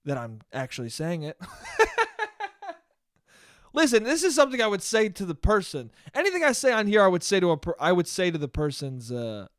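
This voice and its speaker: A man's voice: high-pitched, huge pitch swings, fairly quick, no echo, clean studio sound. A young man hosting his own podcast, talking in a heated, profane and emphatic rant. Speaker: podcast host.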